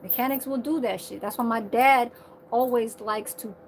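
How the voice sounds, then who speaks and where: Woman, 30s, livestream vlogger; higher voice, heated and profane ranting, faint hiss behind. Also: normal speed.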